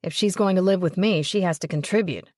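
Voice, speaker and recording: A woman voicing a gravel-voiced waitress. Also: fairly quick, darkish tone, no echo, clean studio sound, natural voice. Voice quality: deep smoker's voice. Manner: blunt, motherly, calls people hun and kiddo. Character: gruff, raspy middle-aged waitress, blunt. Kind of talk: audiobook character voice.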